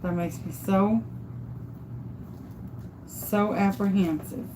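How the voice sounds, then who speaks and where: Taking it slowly with fairly even intonation at medium pitch, a woman demonstrates epoxy tumbler making hands-on. She chats casually, thinks out loud and often praises the results, with background noise audible.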